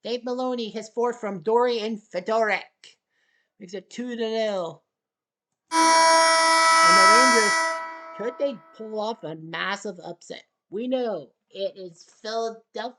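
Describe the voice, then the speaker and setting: A woman giving play-by-play commentary on a table hockey game, with excited goal calls and sarcastic asides to the viewers. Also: on the high side, measured pace.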